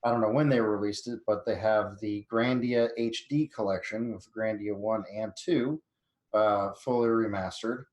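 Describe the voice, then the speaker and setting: A man's voice: fairly low pitch, fairly even intonation, moderate pace, a little mellow. A man chatting casually on a tabletop game podcast, hesitant and full of fillers. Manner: hesitant, lots of "uh". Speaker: player. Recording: echoey room.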